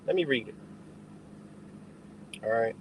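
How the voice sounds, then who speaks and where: A man's voice: medium pitch, slow, slight background noise, poor audio. A man hosting a live stream, rambling and swearing as he confronts his chat and answers their questions. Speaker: livestream host. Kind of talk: ranting live stream talk.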